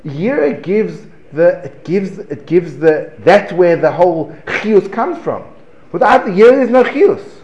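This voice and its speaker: A man giving a lively Torah class, asking rhetorical questions, breaking off mid-phrase and chuckling as he teaches. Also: sits high, a little slow, muffled recording. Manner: animated, rhetorical questions, self-interrupting and chuckling. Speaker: religious teacher. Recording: echoey room.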